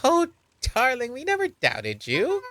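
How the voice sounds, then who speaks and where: A streamer voicing an overeager, doting mother in a game, with a slow, sing-song, sugary delivery. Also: high voice, huge pitch swings, pushed and bright, a little hiss or hum, voice pushed up, full character voice.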